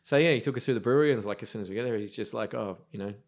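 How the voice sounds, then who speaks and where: Speaking rapid-fire in a lowish voice, an Australian man, a brewer guest on a podcast, chats casually through rambling anecdotes. He leans on fillers, saying um a lot and restarting his sentences.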